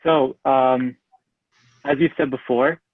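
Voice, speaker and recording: A thoughtful man asks interview questions, slightly halting, with a plain mid-range voice. His sound is thin and phone-like, completely dry, with no room around it. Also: medium pitch, steady tone, no echo. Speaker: podcast interviewer. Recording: tinny phone-like line.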